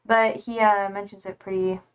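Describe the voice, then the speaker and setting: A tired young woman livestreamer chatting casually, reading out viewer comments with lots of fillers and a slightly hoarse voice. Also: medium pitch, level tone, normal speed. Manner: rambling, hesitant, many fillers and swear words.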